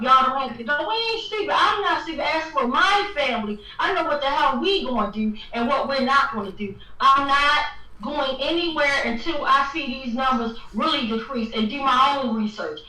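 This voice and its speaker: A woman's voice: sits high, pushed and bright, distant mic. A woman hosting a livestream, venting with fiery emphasis. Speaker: livestream host. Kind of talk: impassioned livestream talk. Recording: echoey room, away from the mic.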